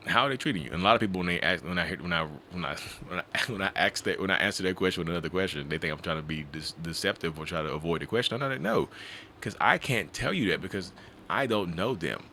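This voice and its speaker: A man talking as a podcast guest in an animated, casual way, often slipping into voices to act out what people say. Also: sits low, quick pace, slight background noise. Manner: animated, slips into acted voices. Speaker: podcast guest, mental health advocate.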